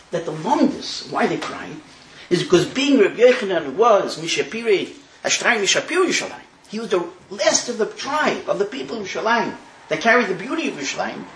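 A man teaches a Talmud class, telling the story with lively swings in pitch. His voice sits high. The recording is echoey and has a faint hiss. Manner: animated storytelling with Hebrew terms. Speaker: Torah teacher. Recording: echoey room.

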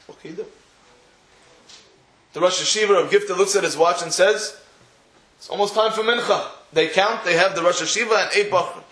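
A man's voice: high-pitched, brisk, pauses often, fairly bright tone, echoey room. A man giving a sermon, telling a story and acting out the dialogue in it. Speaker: rabbi giving a talk.

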